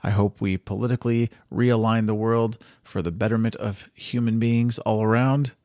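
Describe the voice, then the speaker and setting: A man's voice: on the low side, steady tone, moderate pace, darkish tone, dry recording, studio quality. A man hosting a travel podcast, telling a story in an earnest, reflective and encouraging way. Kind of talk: storytelling monologue.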